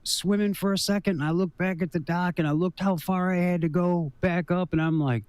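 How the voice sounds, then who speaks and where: A man's voice: sits high, a little fast, few pauses, smooth, no room sound. A man calling in to a talk show, telling a rambling story full of swearing. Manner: rambling, profane, animated. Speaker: caller. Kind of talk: casual storytelling.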